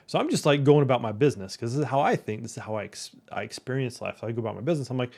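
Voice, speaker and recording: A man's voice: mid-range voice, lively intonation, rapid-fire, vocal fry, a little mellow. Guy just chatting away, telling a story, keeps going "right?", regular mid voice. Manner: rambling, keeps asking "right?". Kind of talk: casual storytelling talk.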